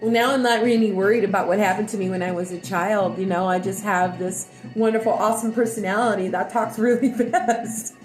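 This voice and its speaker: A woman vlogger chatting casually with her viewers, talking fast and loud with restless, excitable energy. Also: mid-range voice, echoey room, faint music behind, poor audio. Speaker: live-stream vlogger. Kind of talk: casual rambling chat with viewers.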